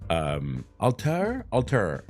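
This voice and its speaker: A man hosting a casual streamed chat, excitable, repeating words and breaking into laughter. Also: on the low side, takes it slowly, soft background music. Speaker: host.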